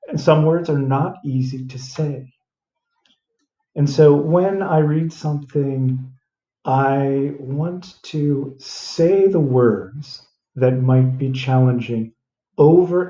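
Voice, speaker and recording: A man with a very dark, mellow voice talks slowly through a diction lesson, repeating single words to feel out each sound. The room is echoey, and the recording has a dull, lo-fi tone. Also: mid-range voice. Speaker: teacher.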